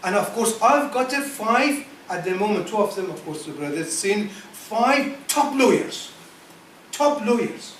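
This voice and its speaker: In broken, non-native English, a high-pitched man makes an impassioned address to assembled Islamic scholars, full of repeated phrases and rhetorical questions, with bursts of rapid Quranic recitation in Arabic. His tone is animated and fairly bright. Captured from far off in a reverberant community centre meeting hall, the audio has slight background noise.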